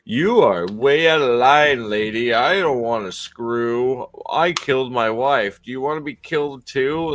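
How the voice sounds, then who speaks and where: A man voicing a gloomy, blunt young man with slow, deadpan, emphatic declarations. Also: medium pitch, lightly acted.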